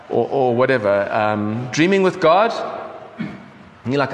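A South African pastor with a medium-pitched voice preaches at an unhurried pace, his intonation lively. His sermon is casual and conversational, full of ums and restarts, recorded in an echoey church hall with faint room noise.

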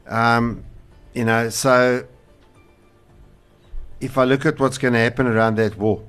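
A man's voice: mid-range voice, steady tone, unhurried, fairly bright tone, clean tone, faint music behind. A man, a pastor co-hosting a casual religious talk show, earnest and rambling with fillers. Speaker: pastor and co-host.

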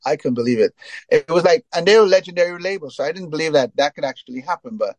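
A man from Trinidad, a reggae singer giving a relaxed interview, telling long stories packed with "you know" fillers. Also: fairly high pitch, fast talker, no room sound. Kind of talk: casual storytelling interview.

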